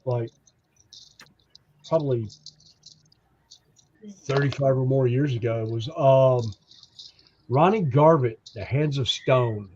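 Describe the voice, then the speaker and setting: A man telling stories in a casual podcast chat, animated and acting out the voices of the people in his stories. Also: mid-range voice, takes it slowly, long pauses, lo-fi sound, slight background noise. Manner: animated storyteller who acts out quoted voices. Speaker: podcast co-host.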